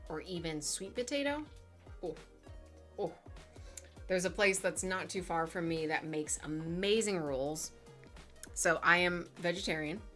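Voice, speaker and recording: A woman's voice: deep voice, fairly bright tone. A woman in her twenties chatting casually with her live chat as a streamer, full of fillers and playful asides.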